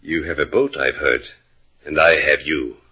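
A smooth-talking bad guy, deep and husky, slow and mocking. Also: pushed and bright, heavily acted. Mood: menacing. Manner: slow, silky, sardonic. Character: suave, menacing male villain. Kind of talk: 1940s radio acting.

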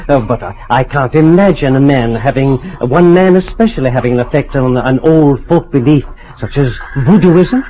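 An actor playing a skeptical American professor in an old-time radio drama, inquisitive and probing. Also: male voice, mid-range voice, moderate pace, hardly any pauses, natural voice. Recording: dull lo-fi old radio recording with faint hiss.

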